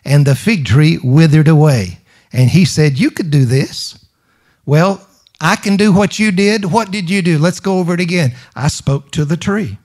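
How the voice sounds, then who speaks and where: A middle-aged man delivers an emphatic sermon at normal speed, his slightly high voice expressive and a little mellow. He asks rhetorical questions, repeats phrases, and calls for responses from the congregation.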